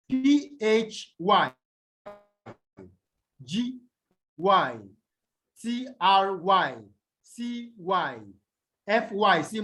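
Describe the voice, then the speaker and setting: A man tutoring students over a video call, explaining slowly and quizzing them as he goes. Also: high voice, fairly bright tone. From Nigeria. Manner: slow, deliberate, quizzes students. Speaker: English tutor. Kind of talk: online tutorial lesson.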